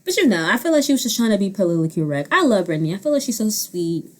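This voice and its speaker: A woman in her twenties giving blunt, profane commentary on a reality dating show, jumping between loud outbursts and quiet asides. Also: mid-range voice, racing. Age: 20s. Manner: blunt, profane and animated, swinging loud and soft. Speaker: vlogger. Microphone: own handheld mic.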